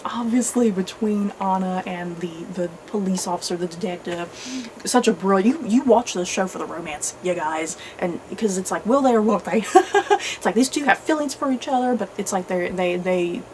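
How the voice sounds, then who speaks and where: A woman's voice: fairly high pitch, slight background noise, rough recording. A young woman chatting casually in a video review, full of restarts and laughter. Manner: chatty, many restarts and "you guys", laughs often. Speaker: book and TV reviewer.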